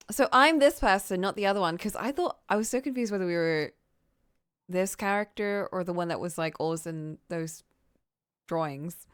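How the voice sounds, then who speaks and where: A woman's voice: fairly low pitch, moderate pace, smooth, dry recording, clean studio sound. A woman chatting casually while playing a story game, trailing off and correcting herself. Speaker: streamer.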